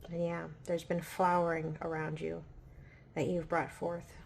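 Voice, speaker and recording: A woman giving a pick-a-pile tarot reading in a gentle, affirming way, often checking in with "right?". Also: sits low, completely flat delivery, a little slow, gravelly, slight background noise. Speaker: tarot reader.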